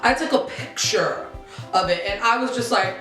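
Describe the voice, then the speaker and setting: A young woman telling a casual storytime vlog, chatty and animated, talking straight to her viewers. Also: medium pitch, moderate pace, echoey room, soft background music. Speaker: vlogger.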